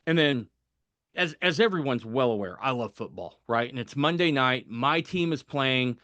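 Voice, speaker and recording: A man's voice: mid-range voice, expressive, normal speed, a bit bright, no echo. A man guest on a podcast telling a personal story, animatedly acting out the voices of people he quotes and chuckling at the funny parts.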